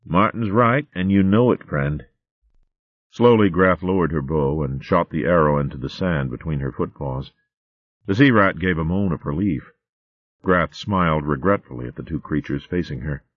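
A man narrating a storybook in an animated, expressive way. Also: rumbling low, moderate pace, no echo. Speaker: audiobook narrator. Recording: phone-like dry audio.

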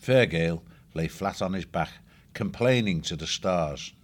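A man narrating a storybook chapter in a steady, measured way. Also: low voice. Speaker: audiobook narrator. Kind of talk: scripted narration.

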